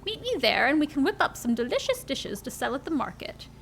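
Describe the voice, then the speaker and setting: A woman's voice: high-pitched, sing-song, brisk, gravelly, fairly bright tone, faint music behind, voice pushed up, heavily acted. A woman voicing a fussing old grandmother in a cozy game, with a doting, sing-song delivery.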